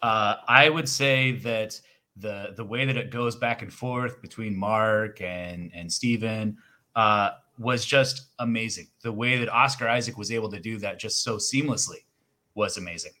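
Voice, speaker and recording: A man's voice: lowish voice, a little slow, bright, forceful tone. A man guesting on a podcast, giving upbeat opinions in casual chat.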